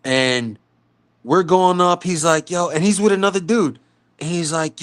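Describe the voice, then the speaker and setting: A man's voice: a little high, slow pace, pauses often. A middle-aged man from the South Bronx with a New York accent, telling stories in casual chat and acting out the street talk he quotes. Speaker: live stream host.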